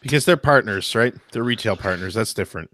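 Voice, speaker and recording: Lively podcast man, quick remarks. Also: fairly low pitch, no echo. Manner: brief, quick interjections. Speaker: podcast co-host. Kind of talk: casual podcast chat.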